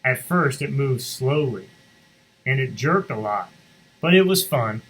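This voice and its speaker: Guy reading a kids book out loud for school announcements, voice bouncing all over, keeps stopping to explain stuff. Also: mid-range voice, breathy edge, poor audio. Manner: expressive storybook reading, pauses to explain to students. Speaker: school reader on morning announcements. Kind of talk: reading a picture book aloud to children with teaching asides.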